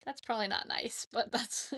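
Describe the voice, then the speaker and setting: A woman's voice: a little high, a bit bright, husky. A woman hosting a casual live stream, chatting in a rambling way and laughing often. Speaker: livestream host.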